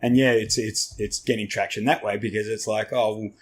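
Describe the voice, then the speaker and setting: A man's voice: fairly low pitch, level tone, a little fast. Rambling Australian man, casual guest. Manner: loose, rambling, sweary with frequent restarts. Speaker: podcast guest. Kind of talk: casual storytelling chat.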